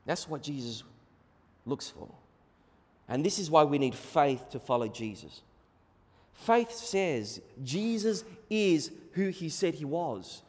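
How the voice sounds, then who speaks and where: High-voiced man preaching in a hall. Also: lively intonation, slow. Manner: emphatic, swings between loud and soft; acts out quoted lines. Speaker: pastor. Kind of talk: sermon. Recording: long reverb of a large hall.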